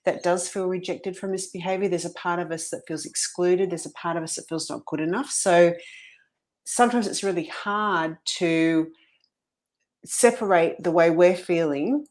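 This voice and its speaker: A woman coaching mothers in a relaxed conversation, telling client stories earnestly and often restarting her phrases. Her voice is a little husky this morning. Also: on the low side, moderate pace.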